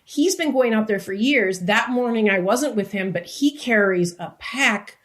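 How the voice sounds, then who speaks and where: A woman's voice: fairly high pitch, animated, unhurried, a bit bright. A woman actor and comedian, a podcast guest telling loose, rambling stories with restarts and the odd swear word. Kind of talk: casual podcast chat.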